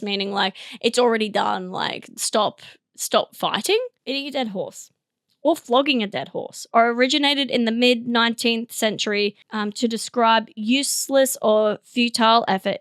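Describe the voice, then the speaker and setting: A high-pitched woman rambling through a comedy podcast monologue, full of giggles and self-mockery. Her voice is close and dry, with no room sound at all. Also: a bit bright, no echo. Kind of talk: solo comedic review monologue.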